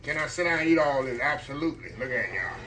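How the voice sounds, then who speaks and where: A middle-aged man runs a casual cooking vlog from his home kitchen, talking fast in an expressive mid-range voice over background noise. He's folksy and chatty, speaking straight to his viewers as "y'all."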